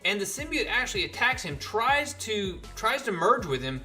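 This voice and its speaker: A man chatting casually as he recaps comic book issues, telling the story in an animated way. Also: high-pitched, moderate pace, soft background music.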